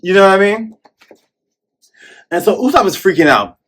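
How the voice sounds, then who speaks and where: Lively man reviewing manga. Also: sits high, normal speed. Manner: animated, jokey, acts out lines. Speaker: host.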